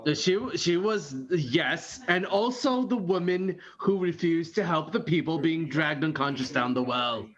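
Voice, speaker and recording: A man's voice: fairly high pitch, measured pace, hardly any pauses, fairly bright tone. Hesitant man player, dull sound. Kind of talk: casual game chat.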